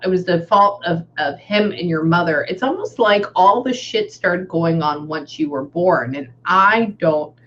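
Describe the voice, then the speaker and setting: Texan woman medium, chatty, pauses often; slightly dull audio, faint noise behind. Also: lowish voice, fairly bright tone. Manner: chatty, relays messages, often pauses with "hang on". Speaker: psychic medium. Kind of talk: casual reading session.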